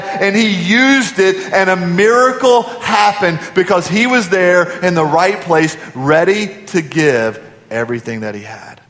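A man preaching a sermon, his voice sitting fairly high for a man. He poses question after question to the congregation and sinks to a hushed tone on key points. The sound rings out with long reverb, as in a church sanctuary. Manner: preaching with rhetorical questions, dropping to quiet emphasis. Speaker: pastor.

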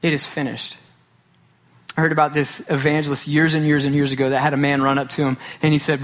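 A man's voice: on the high side, flat delivery, fast, fairly bright tone. A male pastor preaching a sermon, emphatic and repeating key phrases for weight.

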